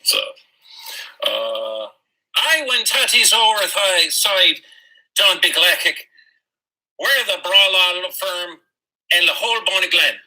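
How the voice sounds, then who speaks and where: A rambling fellow in a thick put-on Scottish brogue, as a man hams it up. His voice sits high and swoops lively up and down, with a very bright, sharp edge as he spouts garbled, half-made-up slang. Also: slow pace, long pauses, exaggerated voice, rough recording. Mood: hamming. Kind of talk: comic impression.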